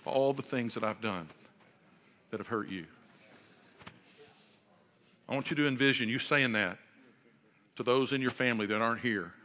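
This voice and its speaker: A man's voice: medium pitch, sharp tone. A man preaching a sermon and earnestly guiding his congregation through a repeated prayer. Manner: earnest, repetitive, leads the congregation in call-and-response.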